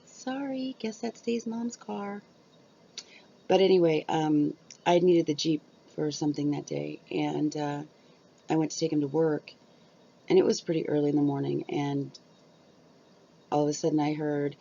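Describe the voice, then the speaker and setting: A middle-aged woman talks casually to her viewers from home, rambling along with plenty of ums. Her voice is dark and gravelly with a lot of fry. The sound is dull and lo-fi, from a cheap mic. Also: deep voice, fairly even intonation, normal speed, pauses often. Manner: rambling, chatty, frequent fillers. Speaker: YouTuber. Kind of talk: casual chat to camera. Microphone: cheap built-in camera mic.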